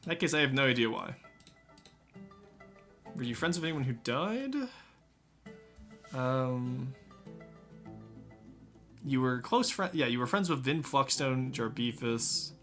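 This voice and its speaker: Guy streaming a game, chatty n jokey, mid pitch, faint music behind. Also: lively intonation, takes it slowly, long pauses, fairly bright tone. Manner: chatty, joking, talks to chat. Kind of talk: casual live game commentary.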